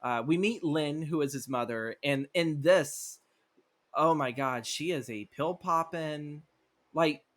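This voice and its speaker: A man's voice: on the high side, takes it slowly, a bit bright. A man co-hosting a podcast, recapping a movie script in a rambling, profane way and acting out the characters' lines as he goes. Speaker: podcast co-host.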